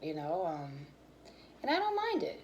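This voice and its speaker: A woman's voice: lowish voice, huge pitch swings, unhurried, darkish tone, dull audio, a little hiss or hum. A woman hosting her own cooking channel, chatting casually and candidly with viewers while tired and yawning. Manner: rambling, candid, talks about fitness and feelings.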